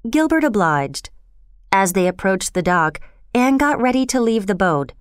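Smooth-voiced woman reading a story. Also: medium pitch, very animated, normal speed, no room sound, clean studio sound. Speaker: narrator. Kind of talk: storybook narration.

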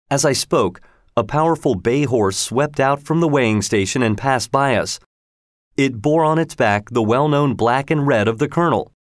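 With a steady, unadorned delivery, a male narrator reads aloud from a storybook at a moderate speed. His voice rests at a middle pitch, captured dry and close without any echo or room sound.

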